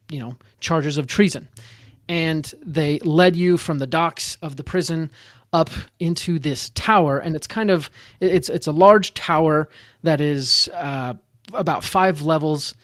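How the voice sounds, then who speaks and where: A male game master narrates a tabletop one-shot in a halting way, stopping and restarting often between his fillers. His voice sits slightly high and sounds dry and close. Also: dry recording.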